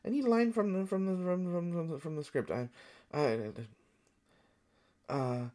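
A man's voice: sits high, measured pace, warm tone. A man voicing a jittery, over-caffeinated male voice actor who stammers and repeats words nervously in an audio role-play.

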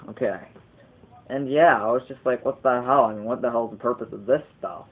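A man's voice: mid-range voice, brisk, breathy edge, phone-quality sound. A teenage boy rambling through a casual video blog, digressing often and swearing casually. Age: teens. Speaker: vlogger.

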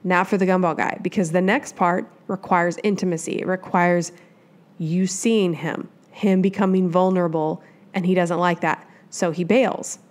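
Midwest-raised woman rambling thru a podcast q&a, slightly low voice, lots of "like". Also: fairly even intonation, normal speed. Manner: chatty, rambling, lots of "like" and asides. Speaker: podcast host. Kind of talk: solo podcast Q&A, casual advice.

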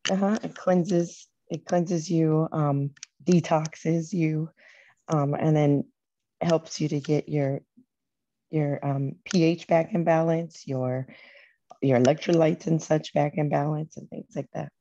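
A woman's voice: sits low, steady tone, slow, mellow, highs cut off, slight background noise. A woman joining an online prayer call, agreeing and chatting casually. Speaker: guest prayer partner.

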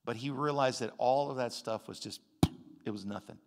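An older man preaching a sermon as pastor, emphatic, with loud stressed words and quiet asides. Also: mid-range voice, normal speed. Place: large church sanctuary. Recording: long hall reverb.

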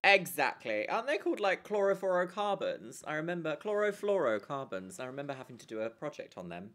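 A woman's voice: low-pitched, sing-song, fast, fairly bright tone. A young woman chatting casually on a live stream, giggling and thanking her viewers as she plays.

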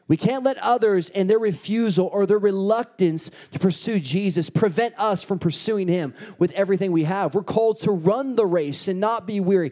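A pastor preaching a sermon with animated storytelling and rousing emphasis. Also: male voice, sits high. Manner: animated storytelling, acting out quotes.

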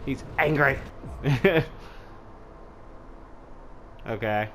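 A man's voice: medium pitch, animated, moderate pace, a little hiss or hum. Trash-talking young man gaming. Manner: trash-talking, shouting battle cries, laughing. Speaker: gamer playing a fighting game. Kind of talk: casual let's-play commentary.

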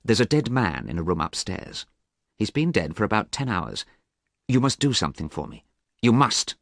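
A man's voice: fairly low pitch, big pitch swings, moderate pace, creaky, fairly bright tone, no echo, studio quality, voice pushed up, exaggerated voice. A man voicing a desperate young man who urgently commands and threatens. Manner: urgent, insistent pleading.

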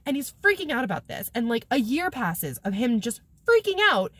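A woman with a high voice that swoops up and down, recapping an old novel for her camera in a loose, rambling way. Her humor is sarcastic, and she giggles and swears casually. The sound is close and dry, with no room around it. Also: big pitch swings, normal speed, fairly bright tone, slightly rough, dry recording. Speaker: book vlogger. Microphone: camera mic, talking to a camera viewfinder.

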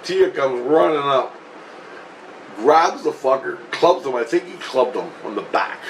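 Guy rambling thru a story for his vlog, swearing a lot, gets excitable, bit of faint hiss behind. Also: medium pitch, a little slow, vocal fry, rough recording. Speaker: vlogger. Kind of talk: casual storytelling.

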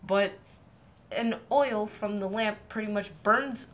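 A woman's voice: mid-range voice, slow pace, a bit bright. A young woman streamer casually retelling a myth to her viewers, joking around and acting out the characters in playful voices. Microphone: streaming setup mic.

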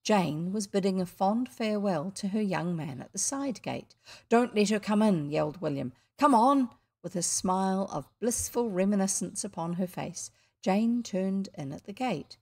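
A woman reads a children's classic aloud at an unhurried pace. She breaks off for chatty, amused asides between chapters, at an ordinary middle pitch. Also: lively intonation, vocal fry, dark tone. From New Zealand. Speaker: reader.

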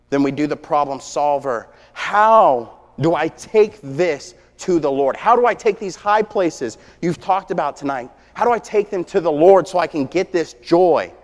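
A man preaching a sermon, telling stories with energy that swings from hushed to shouting. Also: fairly high pitch. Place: church sanctuary. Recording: long church reverb.

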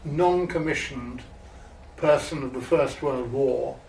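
A man from the audience making a measured comment at a lecture, listing facts one by one. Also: medium pitch, vocal fry, a little mellow. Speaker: audience member asking a question. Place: museum gallery. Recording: echoey room, distant mic, faint noise.

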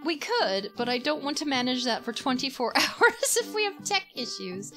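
A woman streamer giving live gameplay commentary, giggling often, swearing and reacting loudly to the game. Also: high voice, big pitch swings, moderate pace, over music.

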